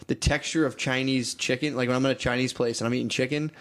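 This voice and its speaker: A man's voice: medium pitch, steady tone, fast talker. A man co-hosting a comedy podcast, telling rambling stories with lots of swearing and laughter. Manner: rambling storytelling, heavy swearing, laughs often. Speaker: podcast co-host. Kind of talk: casual comedic chat.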